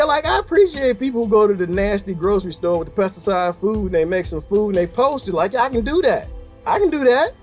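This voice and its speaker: A man chatting straight to his audience in a loose, comic monologue, his voice sitting a bit high for a man. He jokes, laughs at himself and wanders off into asides. Faint music plays under the recording. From United States. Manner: joking, animated, laughs often, rambling asides; addresses viewers as "people" and "y'all". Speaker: vlogger.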